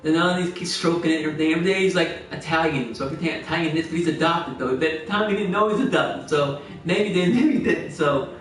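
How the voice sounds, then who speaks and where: A man's voice: fairly high pitch, fast talker, fairly bright tone. A man livestreaming a game, rambling through old stories with frequent laughter and restarted phrases. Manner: meandering storyteller who laughs a lot and restarts phrases. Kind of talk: rambling anecdotal chat. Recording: very echoey room, distant mic.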